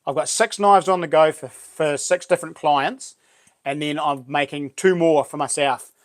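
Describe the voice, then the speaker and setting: A man's voice: on the high side, moderate pace. Laid-back New Zealand man chatting. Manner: relaxed, chatty, laid-back slang, reads out viewer comments. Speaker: livestream host. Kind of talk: casual live-stream chat.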